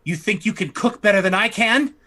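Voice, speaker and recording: A man voicing an irritable woman cook in a castle kitchen, indignant and scolding, pitched up. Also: expressive, brisk, sharp tone.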